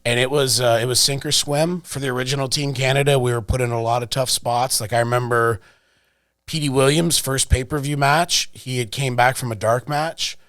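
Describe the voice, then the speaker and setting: A man's voice: medium pitch, moderate pace, dry recording, clean studio sound. A man, a wrestling executive appearing as a guest, telling anecdotes in a casual interview. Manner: lively storyteller, fillers and restarts.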